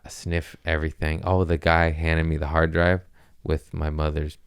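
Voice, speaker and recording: A man's voice: very deep voice, flat delivery, moderate pace, clean tone, dry recording, clean studio sound. A man hosting a podcast, rambling through absurd comic tangents, profane and amused at himself. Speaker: podcast host. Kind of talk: rambling comedic monologue.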